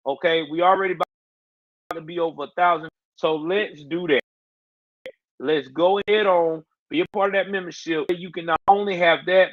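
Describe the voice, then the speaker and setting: A man's voice: fairly high pitch, no room sound, lo-fi sound. A man hosting a casual livestream, talking in loose slang and answering his viewers' chat. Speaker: livestream host.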